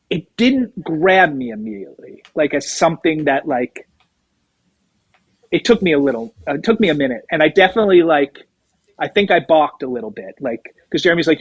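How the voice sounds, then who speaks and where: A man's voice: on the high side, husky, dry recording, highs cut off. Chatty man telling a story, dry mic. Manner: rambling anecdotes, acts out quoted dialogue. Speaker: guest musician, drummer. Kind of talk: casual storytelling interview.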